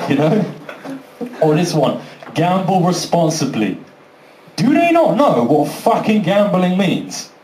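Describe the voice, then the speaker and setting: A man's voice: high voice, a little mellow. Stand-up comic, male, brash and foul-mouthed, bouncy delivery, roomy club sound. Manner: brash, sweary, acts out voices. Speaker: stand-up comedian. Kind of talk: stand-up comedy set. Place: comedy venue with live audience. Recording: roomy venue, faint background noise.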